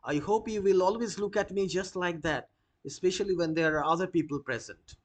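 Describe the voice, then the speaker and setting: A man reading a forward, proper young society woman's lines, his voice lifted higher than his usual talk. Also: a little fast. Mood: prim, forward. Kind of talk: reading a play aloud in class.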